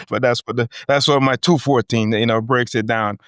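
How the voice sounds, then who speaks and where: A man's voice: medium pitch, steady tone, normal speed, smooth, no echo, studio quality. A man in his fifties from Jamaica with a light Jamaican accent, an easygoing podcast guest who laughs often. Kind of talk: casual interview chat.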